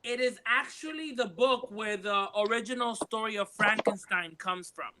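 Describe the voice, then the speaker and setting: A woman talks casually on a livestream, wandering through her thoughts with plenty of ums and likes. Her voice is bright and forward. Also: fairly high pitch, normal speed. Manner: rambling, many fillers. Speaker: panel guest.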